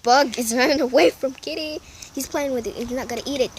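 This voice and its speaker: A woman's voice: high voice, fast talker. A young woman commenting on a cat in casual chat, amused and giggly. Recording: noisy background.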